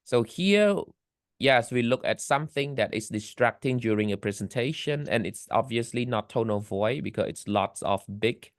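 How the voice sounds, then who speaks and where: A man teaching English vocabulary in a class, patiently repeating key phrases slowly for learners. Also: medium pitch, expressive, no echo, studio quality.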